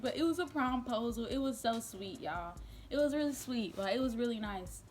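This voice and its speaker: A young adult woman vlogger telling a casual storytime, chatty and animated, with lots of fillers and easy laughs. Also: fairly high pitch, normal speed, a little hiss or hum. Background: faint background music.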